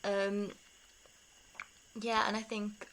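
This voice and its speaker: A woman talking candidly to camera in a rambling, confiding way, laughing softly between thoughts. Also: mid-range voice, little pitch movement, drawn-out words, a little hiss or hum, rough recording. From England. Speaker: vlogger. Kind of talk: casual talk to camera.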